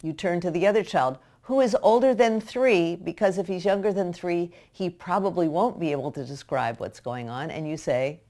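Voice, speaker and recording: Low-voiced woman giving parenting advice. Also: normal speed, hardly any pauses, warm tone. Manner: direct, practical, acts out parent and child voices. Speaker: parenting educator.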